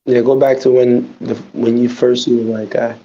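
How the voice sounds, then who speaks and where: Gravelly man directing a podcast playback. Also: medium pitch, little pitch movement, dark tone, slight background noise. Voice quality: gravelly, husky. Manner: directive, playful, gives quick instructions. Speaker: podcast host. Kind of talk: casual chat. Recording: dull lo-fi audio.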